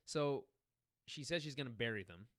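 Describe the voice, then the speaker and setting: A man's voice: medium pitch, expressive, moderate pace, no echo. A man co-hosting a podcast, talking through a TV episode in easy, chatty recap. He laughs often and slips into the lines of the scenes as he retells them. The sound is close and dry, with no room around it. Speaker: podcast co-host.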